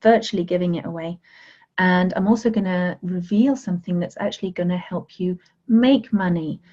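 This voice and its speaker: A woman leads a guided relaxation in a mellow, dark-toned voice, coaxing and gently insistent as she talks listeners through breathing and touch. The recording sounds a little dull and muffled. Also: on the low side, normal speed. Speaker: self-love coach.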